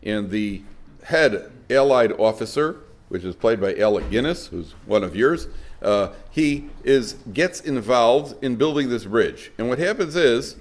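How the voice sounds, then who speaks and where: A middle-aged man, a rabbi lecturing a live audience, telling stories lively and acting out dialogue. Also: mid-range voice, unhurried.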